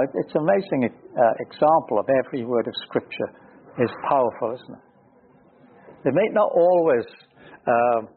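A man's voice: mid-range voice, slight background noise. A man teaching from the Bible in an earnest, explanatory way, pressing hard on key words. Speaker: preacher. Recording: thin phone-like radio broadcast.

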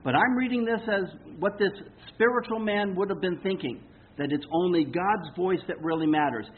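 A man's voice: high voice, moderate pace. A man teaching a sermon-style Bible talk, conversational and emphatic, checking in with his listeners as he reads quotes with dramatic stress. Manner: conversational, checks in with rhetorical "okay?". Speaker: preacher teaching on prophecy. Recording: tinny phone-like lo-fi sound.

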